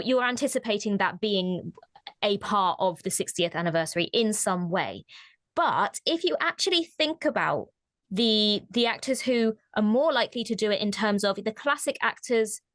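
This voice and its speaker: A woman's voice: medium pitch, expressive, normal speed, fairly bright tone, dry recording, studio quality. A woman co-hosting a casual discussion, who talks thoughtfully and often restarts her sentences. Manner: thoughtful, hesitant, many restarts. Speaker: co-host.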